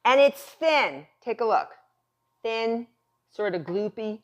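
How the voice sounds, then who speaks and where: A woman's voice: fairly low pitch, moderate pace, a bit bright, slight background noise. A middle-aged woman chef giving a cooking demonstration, chatty and reassuring, often repeating words for emphasis.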